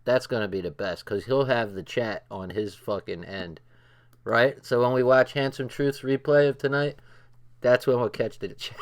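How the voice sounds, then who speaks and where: Older male streamer, excitable and profane, mid-pitched, laughs through his lines. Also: moderate pace. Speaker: livestream host. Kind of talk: late-night livestream commentary.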